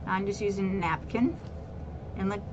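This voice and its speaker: A woman walks viewers through a craft task in a relaxed, chatty way, often repeating words and adding fillers. Her voice sits at an ordinary middle pitch. The home recording carries clearly audible background noise. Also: brisk, lo-fi sound. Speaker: craft tutorial host. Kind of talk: casual how-to demonstration.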